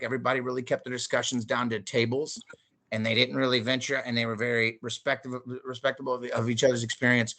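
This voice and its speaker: A man from St. Louis, a stand-up comedian co-hosting a podcast, telling stories in a rambling, animated way and swearing freely. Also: mid-range voice. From St. Louis, USA. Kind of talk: casual chat.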